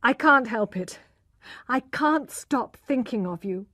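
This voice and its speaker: A woman voicing a passionate, pushy young gentleman who has given up preaching, speaking urgently and insistently. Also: on the high side, lively intonation, takes it slowly, no echo, clean studio sound, pitched above the performer's own voice, heavily acted. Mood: pleading, insistent.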